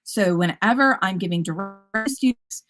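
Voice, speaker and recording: A woman's voice: medium pitch, expressive, brisk, fairly bright tone. A woman teacher giving an upbeat, chatty conference presentation about classroom practice, with playful puns.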